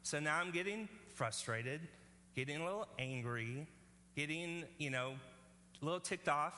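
A man's voice: a little high, animated, moderate pace, sharp tone, in a large hall. A male pastor preaching a sermon in an earnest, conversational way, often checking in with the congregation.

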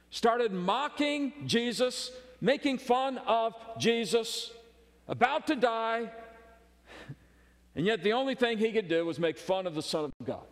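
A man delivers a sermon with a high, ringing voice, pressing his points with emphatic urgency and then dropping to a hushed intensity. The sound carries a long reverb, as if filling a large hall. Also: expressive, measured pace. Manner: emphatic preaching, swinging between loud urgency and hushed intensity. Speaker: pastor.

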